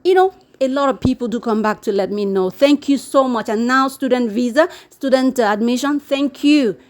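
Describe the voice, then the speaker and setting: A woman vlogger chatting casually to camera, animated and repetitive, acting out the people she quotes. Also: sits high, moderate pace. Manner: animated, repeats words, mimics quoted people. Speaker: YouTube vlogger. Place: living in Brazil.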